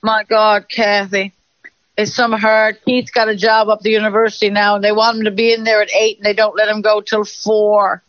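A woman's voice: mid-range voice, level tone, normal speed, a bit bright, no echo, close to an everyday voice. A woman putting on a gloomy old mum. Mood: grumbling. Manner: grumbling, resigned. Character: gloomy older Newfoundland mother, always complaining. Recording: dull lo-fi recording.

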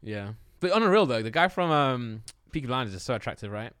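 A young man chatting casually as a podcast co-host, rushing through his words at a quick pace. He rambles, hesitates and repeats himself a lot. His voice is recorded dry and close. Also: medium pitch, sing-song, fairly bright tone, clean tone, no room sound. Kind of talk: casual chat among friends.

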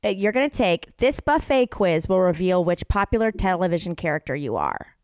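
A woman's voice: on the low side, big pitch swings, a little fast, clear, resonant tone. A young woman hosting a podcast, brash and playful in casual chat and a read ad. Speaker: podcast host.

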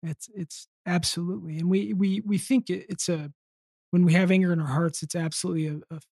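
A man telling a personal story in casual conversation, earnest and halting with frequent restarts. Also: high-pitched, fairly even intonation, vocal fry, darkish tone, no echo. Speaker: podcast guest.

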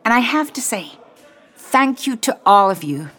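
A storybook reader voicing an excited young woman in love, with a lifted, eager delivery. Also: fairly high pitch, moderate pace, breathy edge, pitched above the performer's own voice, full character voice.

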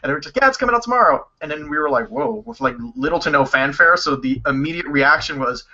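A man co-hosting a casual video game chat, telling stories quickly with lots of swearing. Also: fairly high pitch. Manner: animated, profane, quick storytelling. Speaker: podcast co-host. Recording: dull lo-fi sound.

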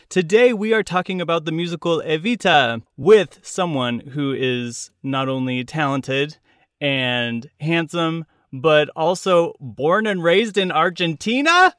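A man's voice: a little high, moderate pace, a bit bright, no echo, clean studio sound. A man hosting a theater podcast, playful and joking with his guest. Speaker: podcast host. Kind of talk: casual interview chat.

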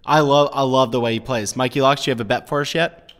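A man's voice: medium pitch, fairly even intonation, fast, in a large hall. A man co-hosting a casual sports betting podcast, joking around with his co-hosts. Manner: joking, laughs often. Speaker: podcast co-host.

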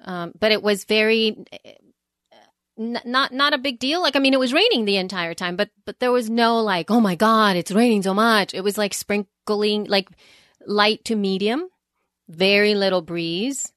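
Woman, mid pitch, rambling casual chat, restarts a lot, dry close sound. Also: moderate pace, fairly bright tone, no echo. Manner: rambling, many fillers and restarts, laughs easily. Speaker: podcast co-host.

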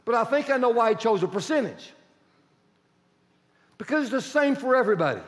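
A male pastor delivers a sermon in a notably high voice, firing questions at the congregation and stressing key words. His voice rings out in a long hall reverb. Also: brisk. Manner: quizzes the congregation, animated and emphatic.

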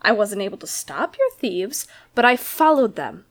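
A woman's voice: medium pitch, sing-song, normal speed, close to an everyday voice. A woman voicing a proud blacksmith turned bandit who lectures indignantly.

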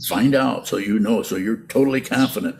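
Faint music plays behind a man teaching meditation and responding to listeners' questions. His pitch is fairly low and his tone darkish, and he halts, repeats words and laughs a lot.

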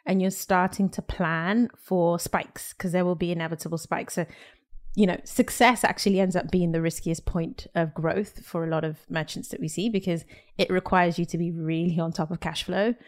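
A woman's voice: on the low side, steady tone, moderate pace. A woman speaking as a podcast guest in a candid, casual interview, with frequent fillers.

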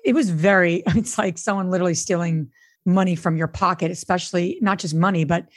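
A woman's voice: lowish voice, brisk, no room sound, clean studio sound. A middle-aged woman and podcast co-host, candidly telling a story in a casual conversation. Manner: candid, storytelling, emotional at times. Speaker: co-host, real estate investor.

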